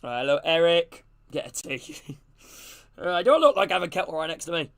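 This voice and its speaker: A man streaming a live football watch-along, calling the play and greeting his chat in a casual, excitable way. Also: a little high, quick pace, creaky. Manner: casual, greets chat between plays, gets loud and excited on attacks.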